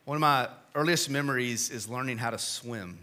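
A male pastor in his thirties preaching a casual, story-driven sermon in a church, swinging between loud emphasis and hushed asides. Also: mid-range voice, moderate pace.

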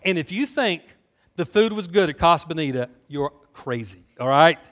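An American man preaching a sermon in an animated, conversational way, full of rhetorical questions. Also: on the high side, moderate pace. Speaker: pastor.

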